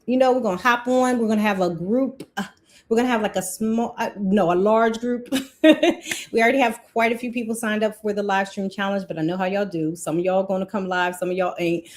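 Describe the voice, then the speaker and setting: A woman, hosting a casual live-stream budgeting talk, chatty and quick to laugh, breaking off her own sentences. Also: medium pitch, steady tone. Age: 40s. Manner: chatty, laughs often, self-interrupting. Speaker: livestream host.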